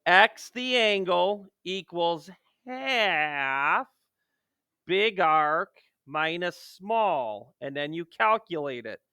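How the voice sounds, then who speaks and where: A man's voice: sits high, expressive, very slow, sharp tone, clean tone, no room sound, clean studio sound. Joking man teaching a geometry lesson. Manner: joking, self-deprecating, jumps from playful outbursts to mutters. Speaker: math teacher.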